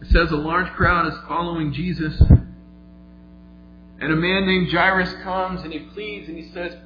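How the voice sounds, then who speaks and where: A man preaching a sermon, retelling a story vividly, moving between quiet and emphatic delivery. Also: fairly high pitch, fairly even intonation, normal speed, long pauses. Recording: echoey, slightly dull, faint music.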